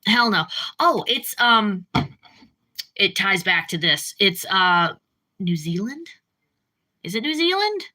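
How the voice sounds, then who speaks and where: Woman, livestreamer, casual rambling chat, bright tense tone, mid pitch. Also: takes it slowly. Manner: chatty, rambling, with expressive pitch jumps. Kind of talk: casual live-stream chat.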